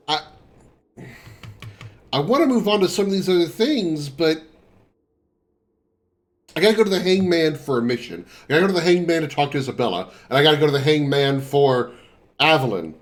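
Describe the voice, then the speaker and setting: A man's voice: on the high side, animated, normal speed, pauses often. A male streamer chatting casually and laughing as he comments on a game he is playing, swearing now and then. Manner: chatty, giggly, profane.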